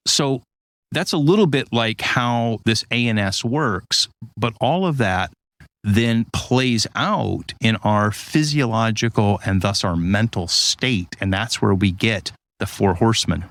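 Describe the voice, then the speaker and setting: A man in casual conversation, explaining ideas through lively stories and acted-out quotes. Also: on the low side, slow pace, dry recording. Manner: animated storyteller, acts out quotes.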